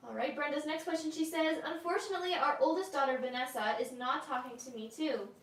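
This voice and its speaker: A woman co-hosting a live session, briskly reading viewers' questions aloud. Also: sits high, a bit bright, reverberant, distant mic. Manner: brisk, reads questions quickly.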